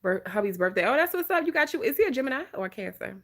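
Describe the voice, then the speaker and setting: A woman with a Southern American accent from Georgia, hosting a casual live-stream chat in an animated, expressive voice. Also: on the high side, rapid-fire. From Georgia, USA. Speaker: vlogger, host.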